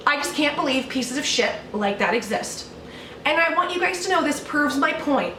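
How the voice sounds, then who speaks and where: A woman's voice: high-pitched, expressive, normal speed, bright, forceful tone, reverberant, recorded from a distance, a little hiss or hum. A woman YouTuber doing a sarcastic, mock-outraged vlog rant, full of swearing, recorded at home. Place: home room.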